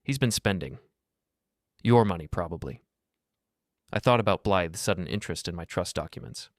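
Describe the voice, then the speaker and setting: Very deep, calm male narrator. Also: normal speed, no echo, clean studio sound. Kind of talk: first-person scripted story narration.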